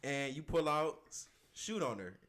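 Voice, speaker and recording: A man co-hosting a podcast, laughing often and explaining himself in crude, animated chat. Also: a little high, unhurried. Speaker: podcast co-host. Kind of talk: casual chat.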